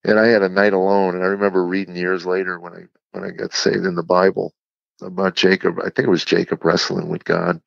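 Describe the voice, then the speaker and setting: A man, a comedian guest on an interview show, telling a candid personal story in a halting, reflective way with frequent restarts. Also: sits low, flat delivery, gravelly, no echo. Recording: dull lo-fi sound.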